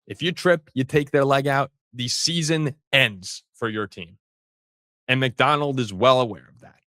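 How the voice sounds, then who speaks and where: A man's voice: mid-range voice, fairly bright tone, no room sound, studio quality. A man hosting a sports show, talking football in a casual, rambling way with frequent restarts.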